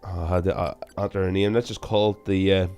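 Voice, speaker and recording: Man, low voice, game commentary. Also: fast, smooth, faint music behind. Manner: casual, self-mocking, bursts of loud excitement. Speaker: gaming channel host.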